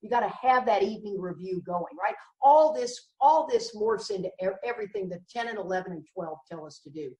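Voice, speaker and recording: With a warm, mid-range voice, a middle-aged woman speaks briskly and animatedly, barely pausing, as she delivers a blunt, emphatic recovery talk laced with wry humor. The mic is distant and the room is echoey.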